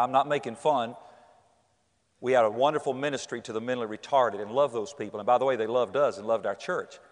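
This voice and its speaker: A middle-aged man with a North Carolina accent, preaching a storytelling sermon in a church and acting out the voices in his stories. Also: mid-range voice. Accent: Southern US, North Carolina. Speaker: pastor. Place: church, indoors. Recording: echoey church hall.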